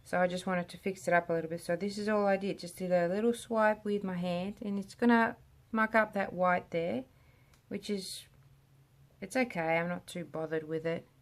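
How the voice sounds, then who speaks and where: Working on resin art in a home studio with a window, a woman keeps up a chatty, murmured narration that frequently drifts off unfinished. She speaks at a moderate pace in a lowish, steady voice.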